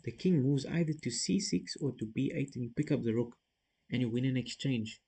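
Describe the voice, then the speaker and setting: A man's voice: medium pitch, a little fast, gravelly, mellow, slightly rough, poor audio. A man streaming chess, thinking aloud as he works through puzzle moves and talks casually to his viewers. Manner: self-critical, talks to viewers.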